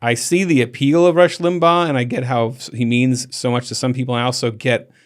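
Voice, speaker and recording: A man's voice: medium pitch, steady tone, brisk. A man hosting a podcast in casual chat, rambling with many restarts and fillers. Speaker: podcast host.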